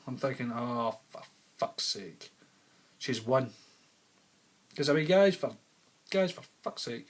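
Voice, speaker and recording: A man telling a comic story about an argument with his wife. He swears freely and breaks into sudden loud bursts. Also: fairly high pitch. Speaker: stand-up comedian.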